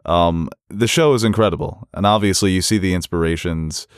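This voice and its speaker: Low-pitched male podcast co-host, dry teasing humor, close dry mic. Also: brisk, no echo. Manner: dry joking, then long steady opinion. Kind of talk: casual TV review chat.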